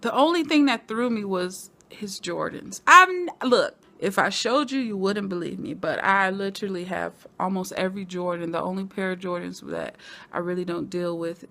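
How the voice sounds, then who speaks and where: A woman talks through a TV episode she has just watched, in a relaxed, chatty recap. Her voice is bright and forward, and she keeps slipping into quick acted-out snippets of the characters. The energy stays lively and amused. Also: mid-range voice, vocal fry. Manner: animated, laughing, acts out quotes. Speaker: podcast host reviewing a TV episode. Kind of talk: casual recap commentary.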